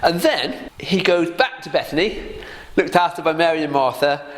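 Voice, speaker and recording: A man's voice: on the high side, animated, moderate pace, a bit bright. A man giving a casual Bible teaching in a conversational way, often laughing lightly and asking rhetorical questions.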